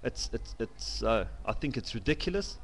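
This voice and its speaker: A South African man giving a blunt, opinionated to-camera monologue into a home camcorder, halting as he goes. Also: medium pitch, sing-song. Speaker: vlogger.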